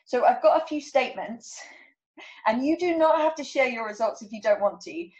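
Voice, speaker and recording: Higher-voiced woman coach, muffled lo-fi sound. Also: animated, moderate pace, darkish tone. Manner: checks in with frequent "okay?"; reads out numbered statements. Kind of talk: workshop talk.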